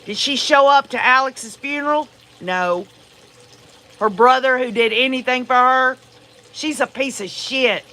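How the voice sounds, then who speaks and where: A woman's voice: high-pitched, a little slow, sharp tone. A woman hosting a livestream, giving blunt, profane, emphatic commentary and talking straight to her viewers. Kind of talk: casual true-crime commentary.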